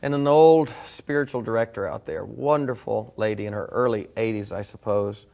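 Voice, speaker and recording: A man's voice: fairly low pitch, normal speed, gravelly, a little mellow. A middle-aged man, earnestly telling his own story as a preacher in a reflective conversation. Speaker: guest preacher. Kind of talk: personal testimony in conversation.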